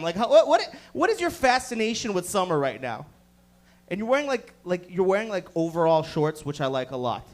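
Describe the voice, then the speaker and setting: Stand-up comic, male, high-pitched, swears freely, chats up the front row. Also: very animated, a little fast. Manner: profane, riffing with the audience, acting out voices. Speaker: stand-up comedian. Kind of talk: stand-up set with crowd work. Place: comedy club stage.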